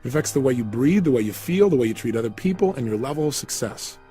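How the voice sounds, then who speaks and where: A man's voice: mid-range voice, expressive, fast, mellow, faint music behind. A man giving a guided motivational talk, emphatically firing repeated questions at the listener. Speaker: motivational speaker.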